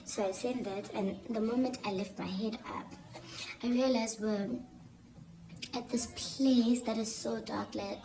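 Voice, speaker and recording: A woman telling a dramatic story in a casual, animated way with fillers, over background music. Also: fairly high pitch, measured pace, background noise. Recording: clear music bed behind voice.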